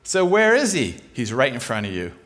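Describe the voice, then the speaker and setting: A man preaching a sermon in a lively, conversational way, acting out the voices he quotes with big swings in pitch and loudness. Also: normal speed.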